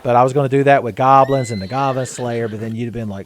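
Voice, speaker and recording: A man's voice: mid-range voice, steady tone, fast, few pauses, faint music behind. A man giving casual, rambling gameplay commentary as a let's play host, joking and laughing often.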